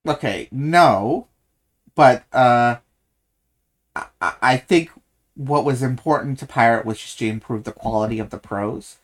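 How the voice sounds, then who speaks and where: A podcast co-host in a casual book discussion, talking in a halting way with many restarts and self-corrections. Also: mid-range voice.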